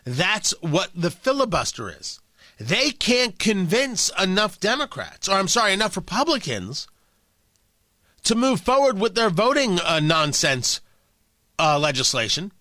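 Man, political talk host, combative, sarcastic, high lively voice, bright, dry sound. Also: measured pace, no echo. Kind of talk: opinionated political commentary.

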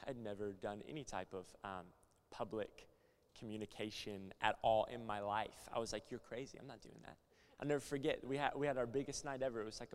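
A young male pastor from Florida preaching at a conference, moving from quiet stories to loud, passionate preaching. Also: mid-range voice. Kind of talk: conference sermon with storytelling. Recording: long hall reverb.

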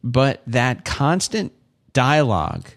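A man's voice: mid-range voice, big pitch swings, slow pace, vocal fry. A man co-hosting a podcast, talking in a casual, thoughtful way with many restarts. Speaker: podcast co-host. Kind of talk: casual reflective chat.

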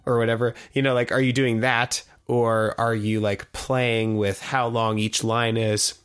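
A man's voice: medium pitch, flat delivery, measured pace, few pauses, a bit bright, clear, resonant tone. A man co-hosting a casual podcast chat, thinking aloud in a rambling, restarting way. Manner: rambling, thinks aloud, many fillers and restarts, laughs easily. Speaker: podcast co-host. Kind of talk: casual chat reviewing an album.

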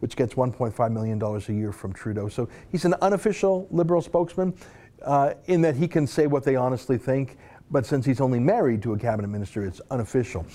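A man's voice: mid-range voice, quick pace, warm tone. A man giving a sarcastic, mocking political commentary, reading tweets aloud and scoffing at them.

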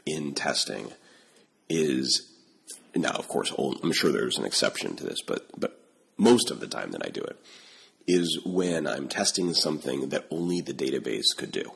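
A man with a very deep, heavily gravelly voice hosts a casual tech podcast. His pitch swings around as he rambles, full of fillers and restarts. The tone is husky rather than clean. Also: expressive, moderate pace, a bit bright. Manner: rambling, many fillers and restarts, laughs often. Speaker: podcast host.

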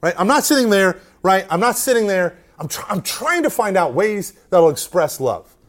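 Animated high-voiced man telling stories. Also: normal speed. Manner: animated, joking, self-deprecating. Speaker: Catholic speaker. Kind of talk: storytelling talk to an audience.

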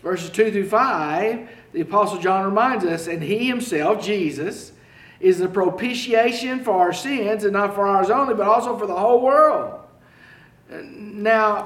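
A man preaching a sermon, slow and halting, often repeating key phrases for emphasis. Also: high-pitched, a bit bright, roomy sound. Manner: slow, halting delivery with frequent fillers and restarts.

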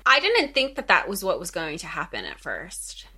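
A woman co-hosting a podcast, chatting casually and telling things in an expressive way. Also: fairly low pitch, moderate pace, breathy edge. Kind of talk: casual chat.

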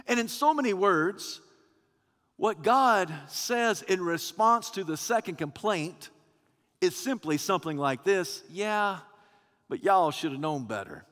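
High, bright-voiced male preacher. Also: big-room sound. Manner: emphatic, rhythmic repetition, swelling to shouts. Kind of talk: sermon.

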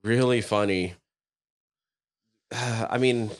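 A man's voice: mid-range voice, drawn-out words. A man co-hosting a podcast in casual chat, rambling with enthusiasm and many fillers as he recommends a show. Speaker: podcast co-host.

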